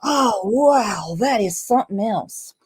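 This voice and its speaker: A woman's voice: fairly high pitch, animated, takes it slowly, husky. A woman with a Southern US accent hosting a casual livestream, teasing her guest and reading viewer comments aloud. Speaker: host.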